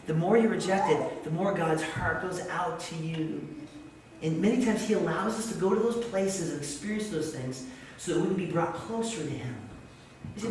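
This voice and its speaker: A man preaching a sermon, telling a story that builds to excited shouts. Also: high-pitched, normal speed, a little hiss or hum. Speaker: pastor. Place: church sanctuary. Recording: echoey church hall from far off.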